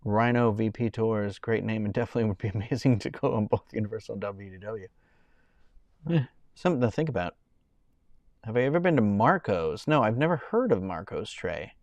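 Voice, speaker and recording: A young man hosting a casual live stream, rambling and chatting with viewers in a loose way, full of fillers and quick laughs. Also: on the low side, expressive, darkish tone, no echo. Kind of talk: casual chat reading viewer comments.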